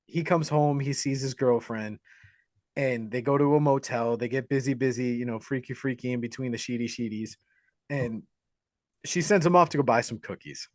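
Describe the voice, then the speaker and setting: A man on a podcast retelling a horror film in a loose, animated way, full of crude jokes and quick character impressions. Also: mid-range voice, dry recording, studio quality. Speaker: podcast co-host. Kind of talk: casual movie recap.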